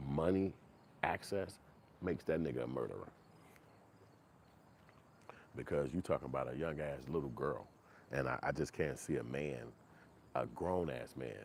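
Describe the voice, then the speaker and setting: A man giving casual, animated and profane reaction commentary, acting out quotes in put-on voices. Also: sits low, slight background noise.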